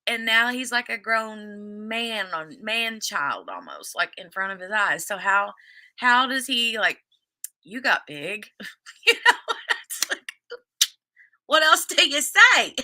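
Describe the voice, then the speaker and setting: Slow-talking bright-voiced woman livestreamer. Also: medium pitch, very animated. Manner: chatty, greets viewers by name, laughs often. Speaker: livestream host. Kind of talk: casual livestream chat recapping a TV episode.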